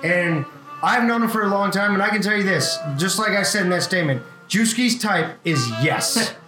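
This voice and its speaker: High-voiced man teasing with crude jokes. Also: moderate pace, echoey room, over music, rough recording. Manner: crude, mock-serious teasing. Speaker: podcast co-host. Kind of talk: casual chat.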